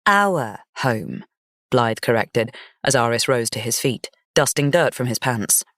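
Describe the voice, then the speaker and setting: A woman's voice: a bass voice, fairly even intonation, moderate pace, no room sound, clean studio sound. Woman narrating a gothic fantasy audiobook.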